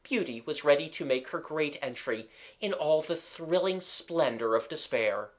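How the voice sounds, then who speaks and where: An audiobook reader giving scripted narration with expressive, lively storytelling. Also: medium pitch, unhurried.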